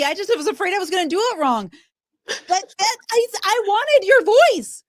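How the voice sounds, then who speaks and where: A woman who works as a public speaker and trainer, telling stories in an emphatic, animated way during a podcast interview. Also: very high voice, moderate pace.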